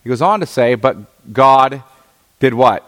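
A middle-aged man teaches through a scripture passage in a sermon. He reads each verse aloud, then unpacks it in plain conversational terms, often pausing to check that his listeners follow. His voice sits at an average pitch for a man. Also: a bit bright. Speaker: preacher. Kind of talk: expository Bible teaching.

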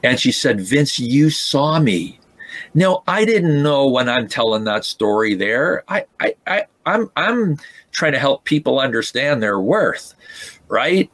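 A man guest in a podcast interview, telling a moving story in an emotional, halting way with many restarts. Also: medium pitch, very animated, a bit bright, no room sound.

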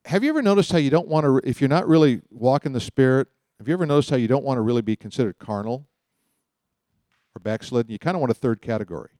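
A man teaching from the Bible in a lively, joking way, telling stories to his class. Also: medium pitch, quick pace, no room sound, studio quality. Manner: animated, joking, storytelling. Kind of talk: teaching sermon.

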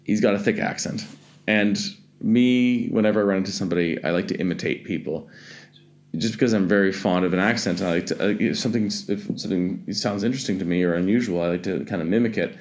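A man's voice: deep voice, fast. A Canadian man telling travel stories in a casual chat, rambling, correcting himself, and swearing freely.

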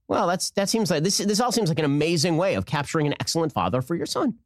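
A male commentator in a played clip, giving dry sarcastic remarks at a brisk clip. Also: a little high, lively intonation, no room sound. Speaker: political commentator.

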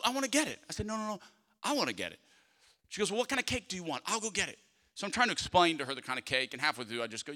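A man's voice: medium pitch, pushed and bright, long reverb tail. A man, preaching a sermon and telling stories, acting out the dialogue with playful asides to his congregation. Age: 30s. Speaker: pastor. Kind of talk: sermon with storytelling. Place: church sanctuary.

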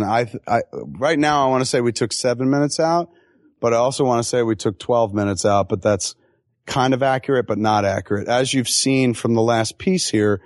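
A middle-aged man in a casual interview, telling animated stories and swearing freely. His voice sits at a middle pitch. The sound is dry, with no room echo. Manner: animated, profane storyteller who acts out quotes. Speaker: film director being interviewed.

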